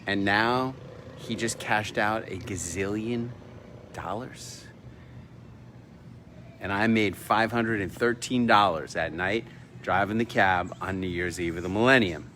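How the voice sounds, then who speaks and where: Middle-aged guy telling a story on his vlog, lively, acts out the dialogue, bit of noise behind him. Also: lowish voice, measured pace. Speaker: vlog host. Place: home in Mexico.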